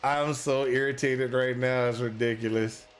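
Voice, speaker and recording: A man's voice: medium pitch, steady tone, moderate pace, clean tone, soft background music. Rambling man talking through a game. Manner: rambling, restarts often, exasperated exclamations. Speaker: gaming streamer. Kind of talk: casual gameplay commentary.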